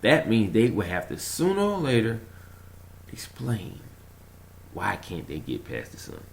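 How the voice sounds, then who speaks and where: A man with a low voice and a gravelly edge talks in a loose, rambling monologue. His pitch swings widely as he tells his stories, and he chuckles and trails off while hunting for words. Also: unhurried, slight background noise. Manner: animated storytelling, chuckles, trails off searching for words. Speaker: conspiracy vlogger.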